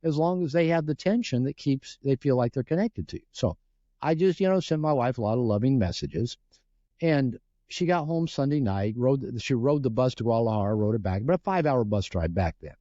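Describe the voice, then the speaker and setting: A man's voice: mid-range voice, animated, brisk, mellow, dry recording, highs cut off. A man guest on a podcast, earnestly explaining ideas through personal stories, often restarting sentences and acting out quoted dialogue. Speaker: podcast guest, relationship author. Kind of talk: podcast interview storytelling.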